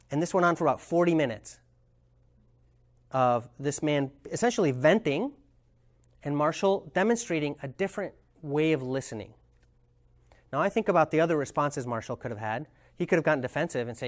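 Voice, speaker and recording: A man leading a communication workshop, explaining ideas thoughtfully and telling a story, often pausing to search for words. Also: mid-range voice, lively intonation. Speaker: communication trainer.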